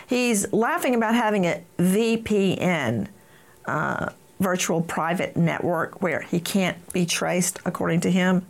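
A woman's voice: fairly low pitch, unhurried, gravelly. A woman hosting a true crime talk show, talking in an emphatic, indignant way and addressing guests by name. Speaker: host.

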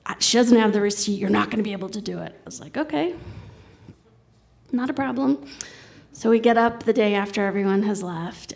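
A woman telling a personal story live on stage, lively and acting out people's lines as she quotes them. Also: fairly high pitch, creaky. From Colorado, USA. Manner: lively, quotes people in brief voices, laughs often.

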